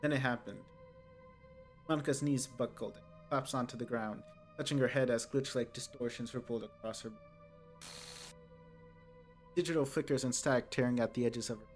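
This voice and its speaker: A man playing a visual novel, reading its narration and dialogue aloud with quick asides of his own. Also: mid-range voice, soft background music. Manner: reads dialogue lines and narration plainly, with asides. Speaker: game streamer.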